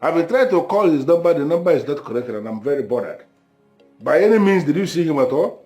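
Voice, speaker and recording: A man plays a fretful Nigerian father in a film drama, pleading and halting as he asks after his son. His voice moves up and down a great deal. Faint score music plays underneath. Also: on the high side, animated, darkish tone, natural voice. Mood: anxious pleading. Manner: anxious, halting, questioning. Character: anxious middle-aged father, fretful and pleading.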